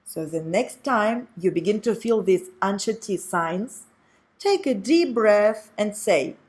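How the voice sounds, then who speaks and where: Slow-paced, high-voiced woman teaching. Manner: slow, lively, drilling sounds for repetition. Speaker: Spanish teacher. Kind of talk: video language lesson.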